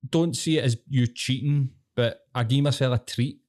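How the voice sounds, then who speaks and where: A man's voice: medium pitch, moderate pace, darkish tone. A man with a Glaswegian accent co-hosting a podcast, blunt and sweary in casual chat with a friend. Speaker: podcast co-host.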